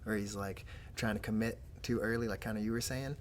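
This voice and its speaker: A man's voice: on the low side, fairly even intonation, brisk, a little hiss or hum. A man co-hosting a casual chat in a laid-back way, hedging his points with frequent "like". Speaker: co-host.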